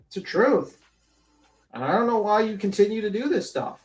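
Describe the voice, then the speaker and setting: A man's voice: sits high, very animated, moderate pace, over a noisy crowd. A man hosting a commentary show, ranting bluntly and scornfully with heavy swearing. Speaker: commentary channel host.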